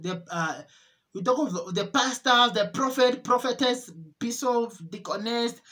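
An earnest woman with a high voice recounts a religious vision as a testimony. She speaks emotionally, repeating and restarting phrases as she goes. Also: fairly bright tone. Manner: earnest, repetitive, halting. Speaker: testimony preacher.

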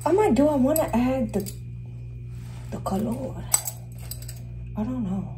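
A high-pitched woman in her mid-twenties chatting as she gets ready at home. She talks brashly, swears freely and laughs often, in a loose get-ready-with-me vlog. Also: animated, measured pace, warm tone, slight background noise. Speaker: vlogger. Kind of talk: casual get-ready-with-me chat.

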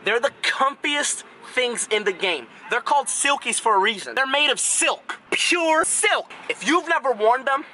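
A man filming a casual fitness vlog outdoors, goofy and playful, jumping between loud bursts and mumbles. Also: very high voice, lively intonation, unhurried, few pauses, slight background noise. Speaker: fitness vlogger. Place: outdoors, hot sunny day.

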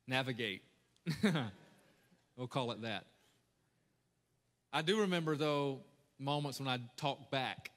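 A man preaching a lively, conversational sermon as a pastor, talking straight to his congregation. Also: medium pitch. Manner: energetic, conversational preaching with audience call-outs. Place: large church hall. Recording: echoey church hall with long reverb.

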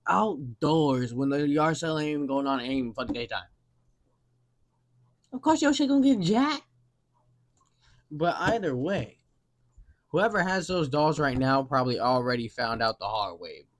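A man's voice: medium pitch, animated, normal speed, fairly bright tone. A man live-streaming his reactions to videos, talking casually and profanely to his chat in heavy slang.

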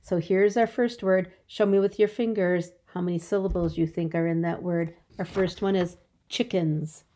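A teacher giving a phonics lesson to young children, stretching out words slowly so they can count the syllables. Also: female voice, lowish voice, fairly even intonation, dark tone.

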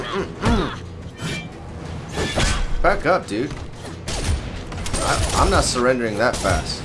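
A man giving live gameplay commentary, excitable and teasing, with sudden yelps and laughs. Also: mid-range voice, slow pace, long pauses. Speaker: gaming video host. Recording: game music behind the voice.

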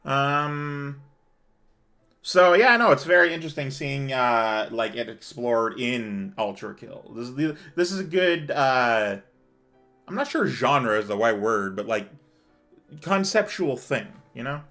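A man's voice: medium pitch, a little slow. Brief: chatty gaming host, a man who rambles off on tangents, faint music under. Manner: rambling, digressive, excitable. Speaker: let's play host. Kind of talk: casual gameplay commentary.

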